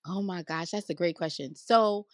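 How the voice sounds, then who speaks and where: A woman guest talking business in an animated, casual interview, loud and given to cackling laughs. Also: on the low side, normal speed, no echo, studio quality. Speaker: podcast guest, credit consultant.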